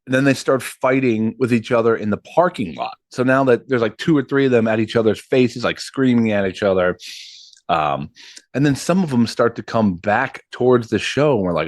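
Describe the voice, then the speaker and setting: A man's voice: fairly low pitch, moderate pace, no room sound, clean studio sound. A man in his thirties, a podcast host, telling a long story in casual chat with lots of "like" and "um" and acted-out quotes. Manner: animated, acts out quotes, frequent ums and likes. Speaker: podcast host and comedy show MC.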